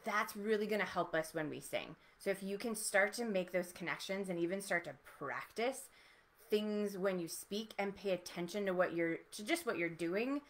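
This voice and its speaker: A woman voice teacher giving an encouraging, explanatory lesson with relaxed spoken demonstrations. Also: medium pitch, normal speed. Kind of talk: online voice lesson.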